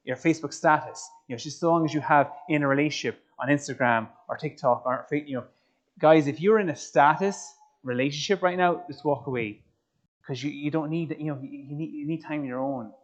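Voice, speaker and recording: A man giving a personal testimony talk, telling his story in an animated way and turning to the audience with questions. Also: on the high side, brisk. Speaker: speaker. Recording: slightly muffled recording.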